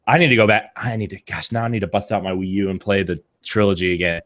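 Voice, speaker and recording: Excitable low-voiced man gushing over games. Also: fast. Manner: excitable, gushing, rambling with many "like"s. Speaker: co-host of a live watch stream. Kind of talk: casual gaming chat.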